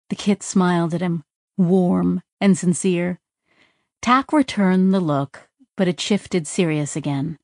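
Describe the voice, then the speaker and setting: A woman with a lower-leaning voice tells an audiobook story in a measured, even tone. The narration is scripted, and the clean studio recording has no room sound.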